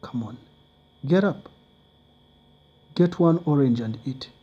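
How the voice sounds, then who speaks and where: A man voicing a kind widowed woman selling oranges, gentle and encouraging. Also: medium pitch, lively intonation, slow, husky, lo-fi sound.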